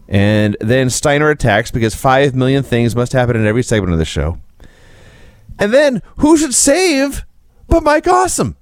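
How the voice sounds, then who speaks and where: A man's voice: mid-range voice, a little mellow, no room sound. Wry, sarcastic podcast man. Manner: wry, recapping events with dry sarcasm. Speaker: co-host. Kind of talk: casual podcast chat.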